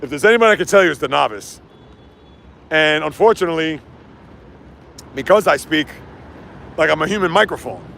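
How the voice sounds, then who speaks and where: A man hosting a casual sports livestream outdoors while walking, ranting and reading chat comments in an animated way. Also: on the high side, a little fast, gravelly, long pauses, slight background noise.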